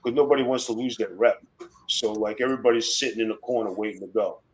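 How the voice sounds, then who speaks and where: A middle-aged former wrestler, guesting on a podcast, tells blunt, profane tough-guy stories in a casual interview. His voice is fairly low and quick, and the audio is poor.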